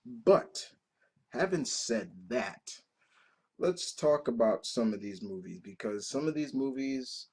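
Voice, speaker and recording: A man's voice: mid-range voice, lively intonation, takes it slowly, darkish tone, slightly rough. A man in his thirties hosting a reaction video, telling personal stories in a casual, profane and emotional way, full of restarts. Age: 30s.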